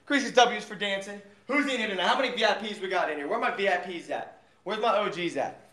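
A young man livestreaming who hypes up his chat with loud, profane shouting. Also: high voice, fast. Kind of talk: hyped livestream hype-up. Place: outdoors at night in a warm, mosquito-filled spot. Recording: echoey live stream audio.

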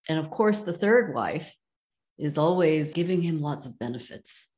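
A woman's voice: low-pitched, animated, normal speed, darkish tone. A woman presenting in a webinar, telling a parable in a conversational way, often checking in with her listeners. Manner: conversational, checks in with "okay?" and "you know". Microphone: video call.

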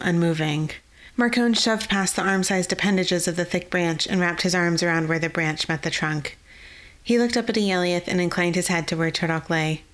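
A woman narrating a fantasy novel in a measured, even storytelling way. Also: fairly low pitch. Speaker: audiobook narrator.

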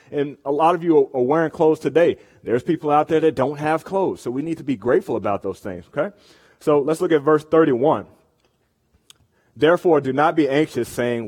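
A man's voice: a little high, darkish tone, breathy edge. Casual young man preaching to students. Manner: conversational, asks the room "right?" often. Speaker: campus ministry speaker. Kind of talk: casual sermon to college students. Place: meeting room with an audience.

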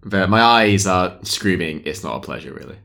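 A man's voice: deep voice, lively intonation, moderate pace, gravelly, bright, forceful tone, faint music behind. A man playing a tabletop role-playing game, making dry jokes as he chats. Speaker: player. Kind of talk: casual tabletop game chat.

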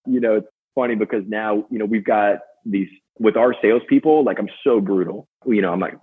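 A man guest in a casual interview, telling stories fast and energetically with many fillers. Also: fairly low pitch, steady tone, slightly rough. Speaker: podcast guest, sales manager. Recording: tinny phone-line sound.

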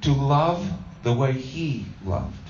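A man's voice: mid-range voice, animated, slow pace, a little mellow, slight background noise. A man giving a conversational sermon as a pastor, telling a self-deprecating story with plenty of fillers. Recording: roomy, distant, dull sound.

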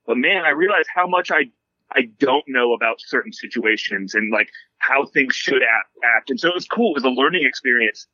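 A man talks in a loose, rambling way, full of fillers and restarts. His voice is very bright and forward. The sound is dry and a little dull. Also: medium pitch, expressive, brisk, dry recording. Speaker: podcast guest, new dungeon master. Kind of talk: casual chat.

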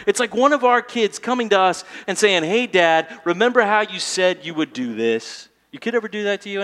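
Male pastor, thirties, chatty sermon style with questions to the crowd, high voice. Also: fairly bright tone. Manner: conversational, asks the congregation questions. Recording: long hall reverb.

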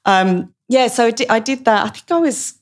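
A woman's voice: fairly high pitch, lively intonation, moderate pace. A woman in her thirties from Essex with an Essex accent drifting toward Australian, chatting as a podcast guest with frequent ums and restarts. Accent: Essex English with Australian drift. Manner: chatty, many ums and self-corrections. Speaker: guest, director of a virtual CFO advisory firm. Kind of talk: casual podcast interview.

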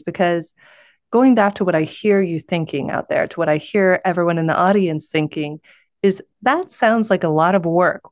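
A woman's voice: on the low side, no room sound, studio quality. A woman hosting a podcast interview, speaking earnestly and turning to address her listeners directly. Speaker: podcast host and speaking course co-teacher.

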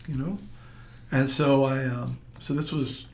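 Gravelly-voiced man telling his story. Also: mid-range voice, measured pace. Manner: rambling, animated storyteller acting out quotes. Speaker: entrepreneur guest. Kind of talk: storytelling in a casual interview.

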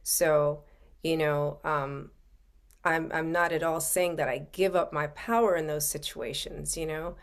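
Middle-aged woman guest on a podcast, lowish voice, chatty, lots of you know. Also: steady tone, a little slow. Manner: conversational, tags "you know" and "right". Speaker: podcast guest, coach and author. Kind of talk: casual interview chat.

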